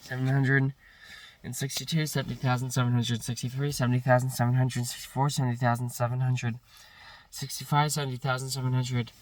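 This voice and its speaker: A man's voice: mid-range voice, flat delivery, recorded from a distance. A man counting numbers aloud in a long solo stream, rattling them off by rote and correcting his slips. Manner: rapid rote counting with slips, self-corrections and bursts of swearing frustration.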